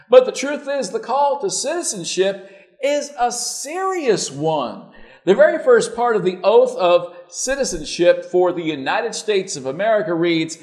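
A man's voice: high-pitched, a little mellow. A man giving a sermon, telling a story with folksy asides before drawing the lesson. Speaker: preacher.

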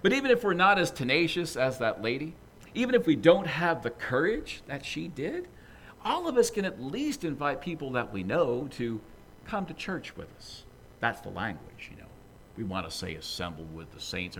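A man preaching a conversational sermon and telling stories in an animated way. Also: mid-range voice, slight background noise.

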